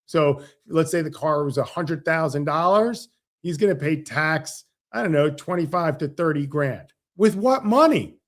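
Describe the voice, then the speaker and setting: A man, a financial advisor guest on an interview show, explaining with animated stories and acted-out dialogue. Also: a little high, unhurried. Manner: animated, acts out quoted dialogue. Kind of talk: casual interview storytelling.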